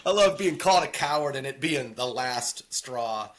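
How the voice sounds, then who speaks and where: A man's voice: medium pitch, animated, moderate pace, a bit bright. A man co-hosting a podcast, chatting casually and jokingly about a film and acting out quotes in silly voices. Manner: rambling, jokey, acts out quotes in silly voices. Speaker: podcast co-host. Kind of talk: casual movie chat.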